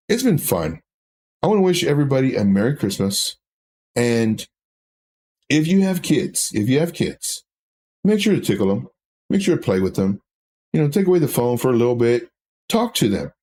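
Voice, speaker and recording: Man, casual livestream host, rambling chat, mellow dark tone, mid pitch. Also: a little hiss or hum. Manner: rambling, self-mocking asides. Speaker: trading stream host.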